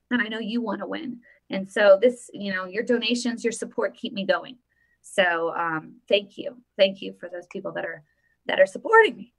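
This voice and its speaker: A woman vlogger giving casual live-stream political commentary, emphatic and animated, often repeating her phrases. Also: mid-range voice, vocal fry.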